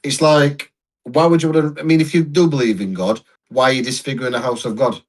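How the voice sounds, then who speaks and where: A man's voice: mid-range voice, fairly even intonation, a little fast. A man co-hosting a casual podcast, telling rambling anecdotes with restarts and laughter. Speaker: podcast co-host. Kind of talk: casual chat, storytelling.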